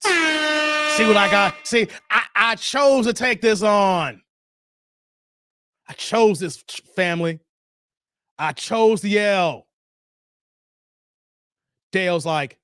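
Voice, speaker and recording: Host: man, high voice, dry close sound, jokey livestream chat reading. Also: expressive, unhurried, long pauses, a bit bright, dry recording. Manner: joking, reacts to viewer comments.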